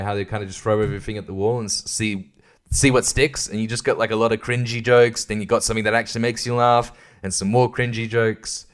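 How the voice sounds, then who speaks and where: An Australian man hosting a solo podcast, rambling casually with lots of swearing and stumbling restarts. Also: medium pitch. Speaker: podcast host.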